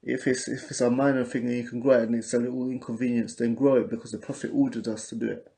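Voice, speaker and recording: A London-accented man from England hosts a casual livestream, talking fast and reading viewer comments as he chats loosely. His mid-range voice is mellow, with vocal fry and little pitch movement. He's a podcast host whose style is chatty, repetitive, and full of loose street slang.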